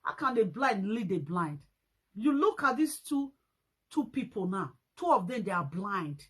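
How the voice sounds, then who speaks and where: A woman's voice: mid-range voice, big pitch swings, a little slow, a bit bright, breathy edge, poor audio. A Nigerian woman vlogging a scolding rant, repeating her points and mixing in pidgin slang. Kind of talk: ranting commentary vlog.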